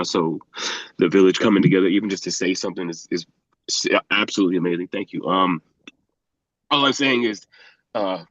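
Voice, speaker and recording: Man, very low voice, stammering, emotional, dull dry call audio. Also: a bit bright, dry recording. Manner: halting, stammering, moved and emotional. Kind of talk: casual remarks on a group video call. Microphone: video call.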